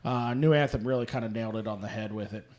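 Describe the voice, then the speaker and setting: A man's voice: fairly low pitch, fast, darkish tone. A man in a casual beer review chat, giving detailed tasting notes with dry teasing.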